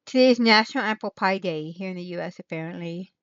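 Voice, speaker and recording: A woman's voice: on the low side, quick pace, clean tone, no room sound, dull audio. A woman hosting her own channel, chatting casually and rambling, thinking aloud, trailing off and restarting her thoughts. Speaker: channel host. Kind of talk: rambling casual livestream chat.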